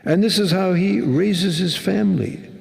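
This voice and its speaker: A man's voice: high-pitched, unhurried, gravelly, darkish tone. A male Islamic preacher giving a sermon in a conversational way, asking his listeners questions. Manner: conversational, asks the audience questions. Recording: long hall reverb.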